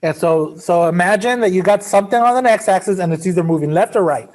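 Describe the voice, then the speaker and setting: A man's voice: high-pitched, fast talker, darkish tone. A male math teacher giving a classroom lecture in a casual, joking way, drifting into chatty asides.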